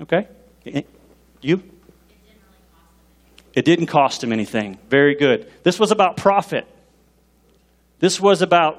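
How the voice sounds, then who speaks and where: An animated man preaching from a pulpit in a fairly high voice. He questions his congregation directly, and a long echo trails each phrase through the church hall. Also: a little slow, long pauses. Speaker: pastor. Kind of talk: sermon. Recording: long reverb in a large hall.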